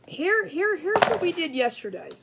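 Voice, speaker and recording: A woman hosting a casual crafts livestream, rambling chattily and greeting viewers in a drawn-out sing-song. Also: very high-pitched, sing-song, heavy background noise.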